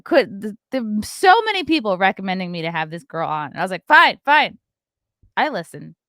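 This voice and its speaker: A woman hosting a podcast, chatting casually and reading a sponsor spot in an animated, quick-aside way. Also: fairly low pitch, no room sound, studio quality. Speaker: podcast host. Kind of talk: casual chat and sponsor read.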